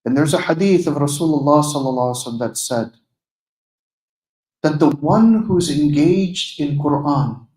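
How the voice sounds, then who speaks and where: A man giving a sermon in a mosque, telling a personal story in an earnest, conversational way and slowing down to stress the key moments. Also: fairly high pitch, a little mellow. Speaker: preacher giving a night talk. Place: mosque prayer hall. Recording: echoey mosque hall.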